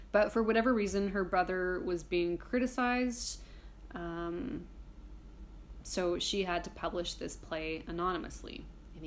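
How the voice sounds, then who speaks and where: A woman hosting a casual history podcast, chatty and irreverent, swearing casually while reading from her notes. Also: medium pitch. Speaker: podcast host.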